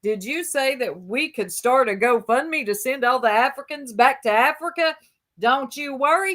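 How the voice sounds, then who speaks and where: A woman talks over a clip she is reacting to. Her voice sits a little high, and her asides are sarcastic and mocking as she speaks to her viewers. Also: fairly bright tone. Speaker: commentary streamer.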